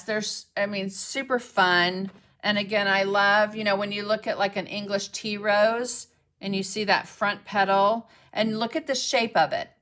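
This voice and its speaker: A woman's voice: mid-range voice, a bit bright. A woman teaching a painting demonstration on a live stream. She chats to viewers as she works and keeps checking in with them. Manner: chatty, talks to viewers while painting, checks in with "okay?"; greets and thanks commenters mid-demo. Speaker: mixed media art instructor.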